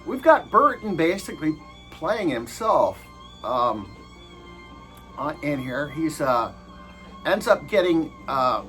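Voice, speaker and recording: A man's voice: on the high side, very animated, takes it slowly, long pauses, fairly bright tone, soft background music, low-quality recording. A man giving a casual movie review, hesitant and full of filler sounds.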